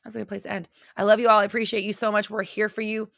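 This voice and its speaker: A woman's voice: mid-range voice, level tone, rapid-fire, gravelly, a bit bright, no room sound. Blunt, intense woman livestream host. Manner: blunt, intense, repeats phrases for emphasis. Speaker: livestream host answering viewer questions. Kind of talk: unscripted livestream talk.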